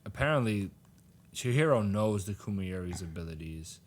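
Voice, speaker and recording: A man's voice: deep voice, animated, moderate pace, slight background noise. A man co-hosting a podcast, casually recapping a comic, rambling and laughing often as he acts out lines. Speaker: podcast co-host.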